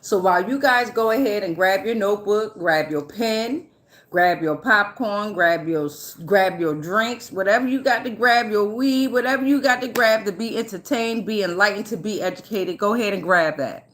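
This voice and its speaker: A woman's voice: mid-range voice, moderate pace, fairly bright tone. A woman giving a casual, loose and chatty tarot reading, swearing freely and often checking in with her listeners. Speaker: tarot reader.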